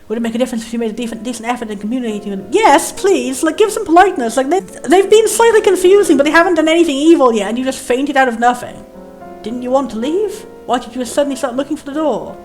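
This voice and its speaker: A woman casually commenting on a video game, reading its text aloud and rambling through puzzled questions. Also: sits high. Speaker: let's play host. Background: faint game music.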